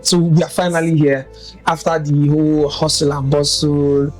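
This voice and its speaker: A man co-hosting a casual podcast chat. He drops dry, teasing asides between his co-host's stories. Soft music runs faintly in the background. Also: fairly high pitch, level tone, moderate pace, poor audio. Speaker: podcast co-host.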